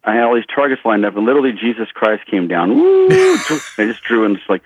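A middle-aged man, a shooting instructor, telling rambling, lively stories in an interview, acting out what people said. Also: on the low side, brisk, heavy background noise. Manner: animated, rambling storyteller who acts out quotes. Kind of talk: casual storytelling in an interview. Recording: tinny phone-like line.

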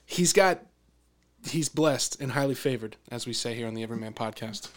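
A man's voice: mid-range voice, normal speed. Male podcast host, casual and rambling, talking sports. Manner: rambling, trails off and restarts. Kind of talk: casual chat.

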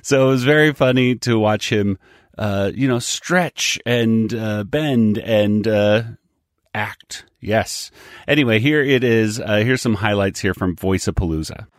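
Podcast host, relaxed intro, low and dry. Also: male voice, unhurried, no echo.

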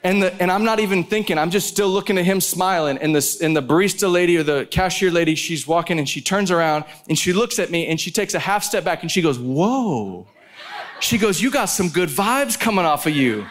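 A male preacher delivers a sermon at a live conference in an intense, animated storytelling manner. His voice sits a little higher than most men's. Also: fast talker, hardly any pauses.

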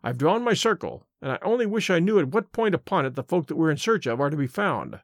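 A man reading the part of a bluff police inspector, hearty and confident and quick to exclaim. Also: a little high, sing-song, no echo, studio quality. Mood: businesslike. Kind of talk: audiobook character reading.

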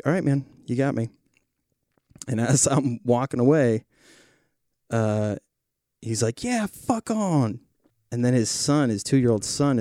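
Man telling a story, dark and dry. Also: medium pitch, no room sound. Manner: storytelling, acts out quoted voices. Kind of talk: casual chat.

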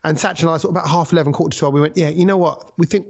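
High-voiced man telling a story. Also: very fast, slightly rough. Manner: animated storyteller who acts out quotes. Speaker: podcast host. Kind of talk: casual podcast storytelling.

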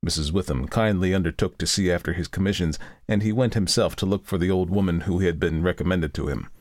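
A man narrating a storybook in a steady, measured reading. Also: sits low, no room sound, clean studio sound. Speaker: audiobook narrator. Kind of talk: scripted narration.

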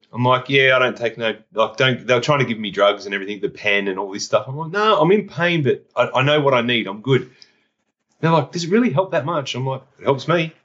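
A man with an Australian accent, a podcast host telling stories in animated casual chat, laughing often. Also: medium pitch, quick pace. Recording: dull lo-fi sound.

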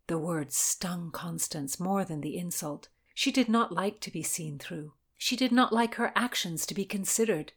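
A woman narrating a historical novel as an audiobook, measured and dramatic. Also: lowish voice, lively intonation, husky.

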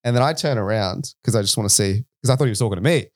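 A man's voice: fairly low pitch, rapid-fire, no room sound. Australian male podcast co-host, storyteller, casual, dry close mic. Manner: animated anecdote-telling with frequent "right?" and "like".

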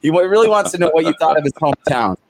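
A man's voice: on the high side, animated, racing, gravelly, no room sound. A man hosting a podcast, talking in a loose, chatty way with lots of fillers and restarts. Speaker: podcast host. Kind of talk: casual interview chat.

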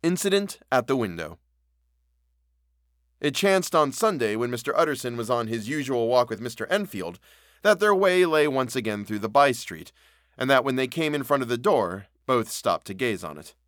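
A man reading a classic story aloud for a podcast in a measured, steady way. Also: medium pitch, no room sound, clean studio sound. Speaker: podcast reader.

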